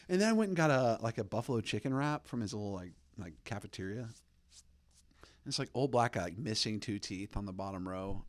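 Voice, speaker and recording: A man's voice: on the low side, expressive, quick pace, no echo. A young man hosting a podcast, ranting casually and sarcastically, rambling with lots of fillers and mocking impressions. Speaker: podcast host. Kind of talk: casual political rant.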